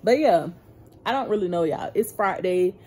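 A woman's voice: mid-range voice, expressive, moderate pace, mellow, slightly rough. A woman in her twenties from Florida, chatting casually and rambling to her viewers in a vlog recorded on a phone. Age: 20s. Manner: chatty, rambling, laughing often. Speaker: vlogger. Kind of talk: casual chat to camera.

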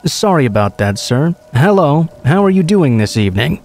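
A man's voice: a little high, very animated, a little slow. A man voicing a young pregnant female night-shift clerk, friendly but nervous. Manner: friendly, then nervous and placating.

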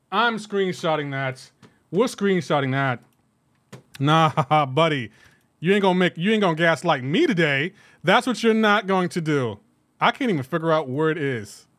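A man livestreaming gameplay and chatting with his viewers, animated and incredulous and laughing often. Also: sits high, no room sound. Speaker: gaming livestreamer. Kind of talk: live gameplay commentary with chat.

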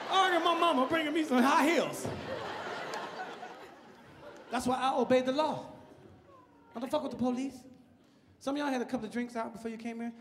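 A male stand-up comedian performing live on a club stage, animated and loud, often laughing at his own jokes. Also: extremely high pitch. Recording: echoey live club with crowd noise.

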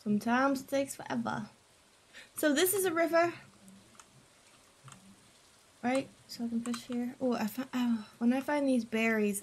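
A young woman chats casually with her viewers while she plays, her voice a touch high and her pace slow and unhurried. She talks to her chat playfully and reacts to the game with gasps and giggles, over a faint background hiss. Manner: playful and chatty, talking to chat, bursting into gasps and silly sounds. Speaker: game streamer. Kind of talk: casual live-stream chat while gaming.

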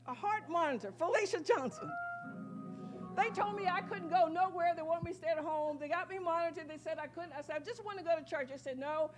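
A woman with a high voice gives a spoken testimony in a church. She tells her story in a rambling, excited way, acting out what others said, while music plays clearly behind her. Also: fairly quick. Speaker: church member giving testimony. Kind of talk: spoken testimony at a worship service. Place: church sanctuary.

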